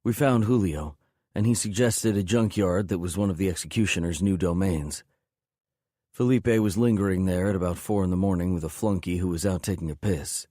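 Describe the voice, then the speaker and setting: A man's voice: low-pitched, darkish tone, no echo, clean studio sound. A man narrating an audiobook in first person, intense and brooding.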